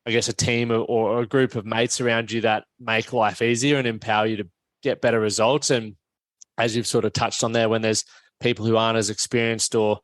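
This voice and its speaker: A man hosting a podcast, asking rambling, relaxed questions with many "yep" backchannels. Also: fairly low pitch, a little fast, dry recording. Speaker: podcast host. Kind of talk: casual interview hosting.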